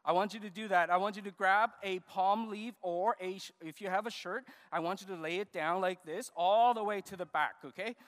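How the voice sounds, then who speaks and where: A man pastor leading a children's service, giving animated, coaxing instructions to the kids. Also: sits high, brisk, hardly any pauses. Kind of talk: children's sermon with puppet skit. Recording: reverberant church hall.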